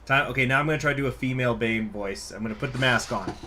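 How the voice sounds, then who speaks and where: A man's voice: medium pitch, rapid-fire, bright, forceful tone, slight background noise. A man giving casual, rambling let's-play commentary, joking and swearing freely. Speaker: game streamer.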